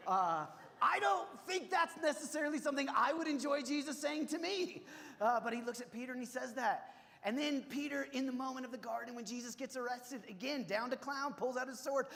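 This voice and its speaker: A man preaching a sermon in a relaxed, conversational way, with frequent restarts and acted-out quotes that build in intensity. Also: very high voice. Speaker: pastor. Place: church sanctuary. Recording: church sanctuary reverb.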